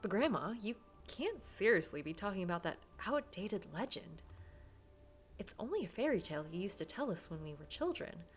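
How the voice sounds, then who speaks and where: A woman voicing Nua, a cheeky, lively young woman in a game, speaking in a raised, teasing tone. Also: mid-range voice, moderate pace, soft background music, lightly acted. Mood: protesting.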